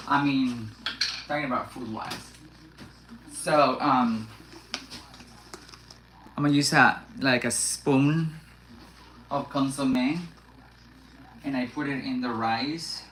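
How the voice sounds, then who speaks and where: A woman's voice: rumbling low, takes it slowly, pauses often, a little hiss or hum. A woman hosting a casual live cooking stream from her home kitchen, chatting to viewers and to herself while she works, with lots of restarts. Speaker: cooking livestream host. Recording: echoey kitchen with loud pan and dish clatter.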